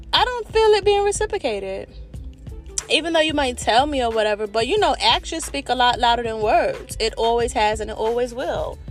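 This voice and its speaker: Animated woman with a high voice. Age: adult with children. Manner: animated and expressive, with slang and mild cursing. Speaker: vlogger. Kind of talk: candid personal monologue.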